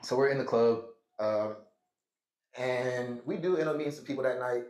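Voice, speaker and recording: A man's voice: mid-range voice, normal speed, darkish tone. An American man hosting a podcast, telling a long story in a rambling, slangy way and laughing often. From United States. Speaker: podcast host. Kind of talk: casual storytelling. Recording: echoey room.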